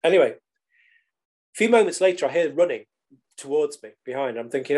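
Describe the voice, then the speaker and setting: Middle-aged man, podcast guest, lively and casual, slightly high pitch. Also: fairly quick, breathy edge. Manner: animated, casual swearing. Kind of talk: storytelling in conversation.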